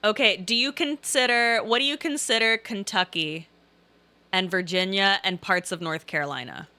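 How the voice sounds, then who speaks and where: Bright, emphatic middle-aged woman streamer. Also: mid-range voice, moderate pace. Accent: faint Southern Illinois. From Southern Illinois. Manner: rambling, emphatic, repeats herself, pleading asides. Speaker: streamer reading chat. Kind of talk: casual live-stream chat.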